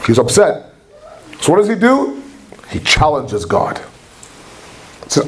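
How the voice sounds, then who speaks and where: A man's voice: a little high, huge pitch swings, unhurried, pauses often, a bit bright. A man giving a religious lecture in a conversational way, with rhetorical questions and humor. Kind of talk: sermon-style lecture.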